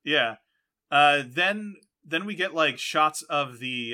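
A man's voice: on the high side, lively intonation, takes it slowly, bright, forceful tone. A man hosting a podcast, recapping an episode in a rambling way with many fillers and restarts. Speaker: podcast host. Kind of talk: casual show recap.

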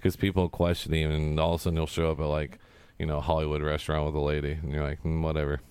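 A podcast co-host with a deep voice talks fast in a casual chat, telling stories with animation and loudly acting out quotes. The recording has a clean tone with no room sound.

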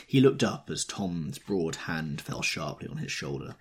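Deep-voiced, husky male audiobook narrator. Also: very animated, unhurried, hardly any pauses. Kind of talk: scripted literary narration.

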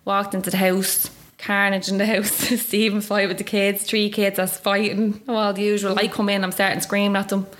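A woman's voice: medium pitch, little pitch movement, normal speed, few pauses, fairly bright tone. A young woman with an Irish accent, telling her own story as an interview guest in a chatty way, full of "like" and acted-out quotes. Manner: chatty, lots of "like", acts out quoted voices. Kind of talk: personal story told in conversation.

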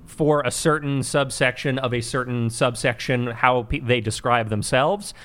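A man co-hosting a comedy podcast who rambles through his thoughts, with halting restarts and frequent laughs. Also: mid-range voice, fairly even intonation, fairly bright tone. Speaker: podcast co-host. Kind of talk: casual comedic chat.

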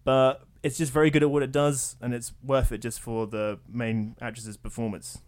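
A man hosts a casual podcast chat, with a voice of middle pitch. He talks in a sardonic, jokey way, throwing in quick asides. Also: flat delivery. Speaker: podcast host.

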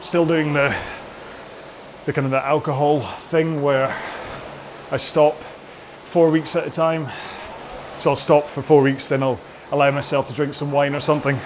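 A man's voice: fairly high pitch, little pitch movement, measured pace, noisy background. A man coaching an indoor rowing workout while rowing, chatty and rambling, often mocking himself.

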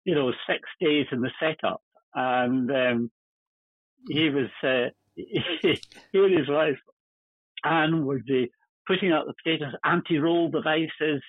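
An older man tells rambling stories as an interview guest, laughing softly as he goes. His voice is husky and a little high. It comes through a thin, phone-like line with no room sound. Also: slow pace, no room sound. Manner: rambling, chuckling anecdotes. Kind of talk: casual storytelling.

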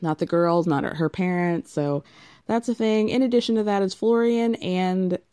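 A woman's voice: lowish voice, moderate pace, warm tone, clear, resonant tone. A woman with a contralto voice giving a sarcastic, gossipy recap of a reality TV show in a casual way.

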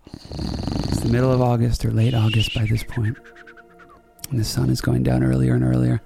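A man's voice: mid-range voice, little pitch movement, normal speed, gravelly, over music. A man hosting a comedy podcast, telling a rambling story in a playful way and correcting himself as he goes. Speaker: podcast host. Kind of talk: comic storytelling.

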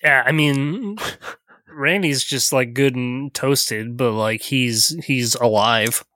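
A man's voice: medium pitch, slow, sharp tone, no echo. A man narrating as game master of a tabletop game, joking and laid-back.

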